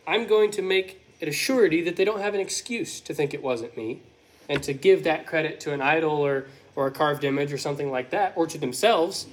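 A man preaching verse by verse, reading scripture aloud and then explaining it unhurriedly. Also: a little high. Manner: self-correcting slips while reading. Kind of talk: verse-by-verse Bible teaching.

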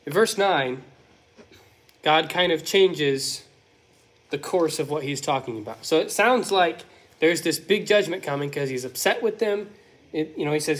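A man's voice: on the high side, normal speed, long pauses. A man preaching verse by verse, reading scripture aloud and then explaining it unhurriedly. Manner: self-correcting slips while reading. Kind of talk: verse-by-verse Bible teaching.

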